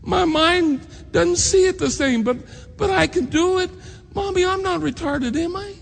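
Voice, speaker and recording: A man's voice: very high voice, a little slow, vocal fry, pitched above the performer's own voice, full character voice. A man playing a young boy who pleads with his mother in an insistent, breaking voice. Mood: pleading. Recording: long reverb in a large hall, faint noise.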